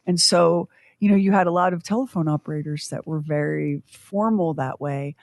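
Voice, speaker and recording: A woman's voice: low voice, moderate pace, darkish tone, no echo. A woman in her fifties hosting a podcast, chatting casually with tangents and self-deprecating humor. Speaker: podcast host.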